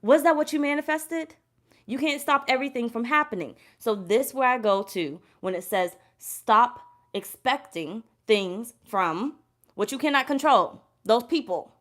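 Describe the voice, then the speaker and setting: A woman's voice: on the high side, measured pace, a bit bright. A woman doing a casual live tarot reading, talking in a loose, rambling way with heavy cursing and lots of repetition, stopping to greet her chat. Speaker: tarot reader.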